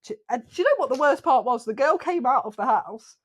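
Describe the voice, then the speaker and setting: A young woman tells a story in casual podcast chat. Her voice sits a little high for a woman. She talks in an animated way, swears freely and keeps breaking into laughter. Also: fairly quick, slightly rough. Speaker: podcast co-host.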